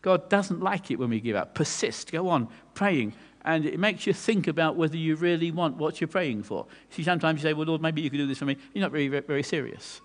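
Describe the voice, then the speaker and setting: A man's voice: fairly high pitch, lively intonation, a little fast, hardly any pauses. A man preaching a sermon earnestly, often repeating words as he goes. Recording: long hall reverb.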